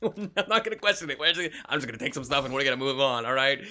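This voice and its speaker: A young man talks over his gameplay stream with a bright, ringing voice. He rambles from one joke to the next, swears freely and laughs often. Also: medium pitch, lively intonation, rapid-fire. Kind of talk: live gameplay commentary.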